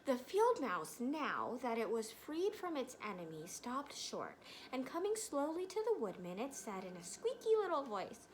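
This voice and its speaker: A woman reading a storybook aloud with an expressive manner, pausing to explain words. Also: fairly high pitch, slight background noise. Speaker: reader.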